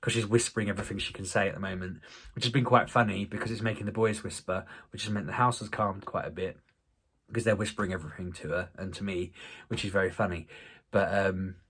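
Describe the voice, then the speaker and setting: A man's voice: sits low, fairly even intonation, fast, a bit bright, breathy edge. A man, talking casually to camera in a rambling, self-deprecating way with many restarts. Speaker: vlogger. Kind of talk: casual vlog talk to camera.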